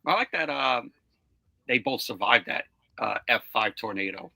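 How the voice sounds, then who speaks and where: Man, gravelly, very bright tone, halting casual chat. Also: mid-range voice, animated, dry recording. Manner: halting, frequent fillers. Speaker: co-watcher. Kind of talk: casual movie watch-along chat.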